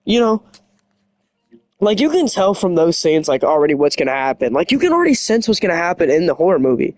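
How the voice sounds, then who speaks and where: A woman streaming, ranting in casual chat with lots of slang, and she keeps clearing her throat. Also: on the low side, quick pace, dry recording. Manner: animated slangy rant, full of "bro" and "like".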